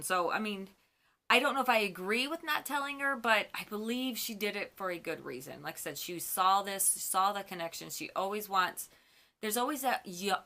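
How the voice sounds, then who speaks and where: Bright-voiced chatty woman recapping episodes. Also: medium pitch. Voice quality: chatty and gushing. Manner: frequent ums and self-corrections. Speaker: fan channel host. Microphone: on camera.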